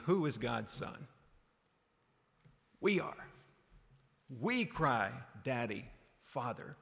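A man preaching a sermon, animated, swinging from loud calls down to low, quiet lines. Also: creaky. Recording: long hall reverb.

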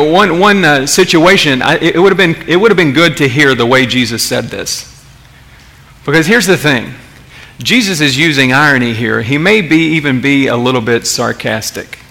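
Gravelly pastor preaching in an echoing hall. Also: male voice, fairly high pitch, pushed and bright. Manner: conversational preaching with many restarts and rhetorical questions. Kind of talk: sermon. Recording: long reverb of a large hall.

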